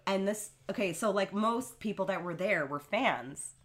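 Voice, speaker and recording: A woman's voice: medium pitch, lively intonation, moderate pace, fairly bright tone. A young woman hosting a podcast, telling a long story in casual chat with lots of fillers. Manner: rambling storytelling with many fillers.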